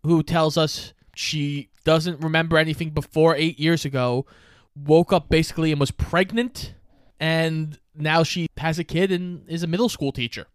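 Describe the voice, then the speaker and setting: A man's voice: on the high side, fairly even intonation, normal speed, clear, resonant tone, no room sound, studio quality. Easygoing young man summarizing a plot. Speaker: podcast co-host. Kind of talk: casual movie recap chat.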